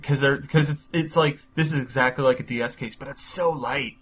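A man's voice: mid-range voice, fairly quick, lo-fi sound, slight background noise. Casual, swearing male podcast host. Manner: energetic, swears freely, laughs often. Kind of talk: casual chat and news rundown.

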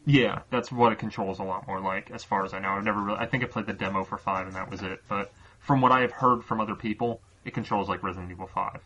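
A man's voice: fairly low pitch, steady tone, quick pace, sharp tone, slight background noise. A man hosting a casual chat, rambling with many fillers and restarts. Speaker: podcast host. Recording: dull lo-fi recording.

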